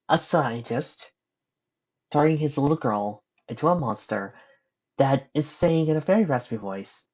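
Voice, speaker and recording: A man's voice: medium pitch, animated, a little slow, darkish tone, dull audio. A man reading a fan story aloud as narrator, breaking off for wry, sarcastic joking asides. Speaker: narrator and fanfic reader.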